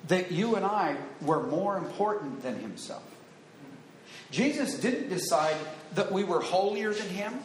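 A high-pitched male pastor delivers an earnest teaching sermon, quoting scripture and hammering points through repetition. His voice rings in an echoey church hall over a faint background hum. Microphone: wired handheld or lapel mic. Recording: echoey room with faint ambience.

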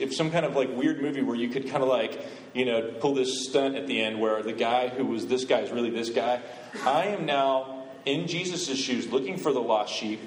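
A man's voice: mid-range voice, slight background noise. Man, missionary preacher, conversational sermon, asks the congregation questions, roomy church sound. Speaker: missionary guest speaker.

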